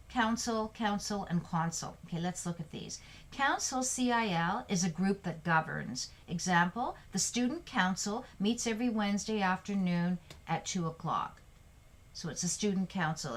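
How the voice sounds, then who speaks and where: A woman with a somewhat low voice teaches English vocabulary. She spells words out letter by letter and gives an example sentence for each. She sounds like a middle-aged teacher walking a class through a lesson. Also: normal speed.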